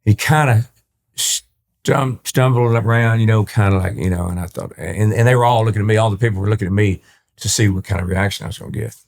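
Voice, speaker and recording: Older man, low voice, storytelling. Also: fairly quick, gravelly. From East Texas. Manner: animated storyteller who acts out quoted dialogue, with frequent restarts. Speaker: country singer, podcast guest. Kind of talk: casual storytelling interview.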